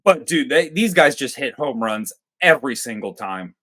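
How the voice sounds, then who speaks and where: A man's voice: mid-range voice, animated, moderate pace, pushed and bright. A man co-hosting a movie review show in casual chat, cracking crude, profane jokes. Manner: crude, joking, profane banter. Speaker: movie review podcast co-host.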